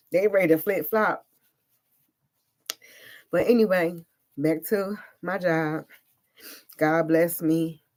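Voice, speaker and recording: A woman's voice: low-pitched, darkish tone. A woman telling a personal story on a vlog in a casual, slangy and emphatic way, with frequent "like" fillers. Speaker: vlogger.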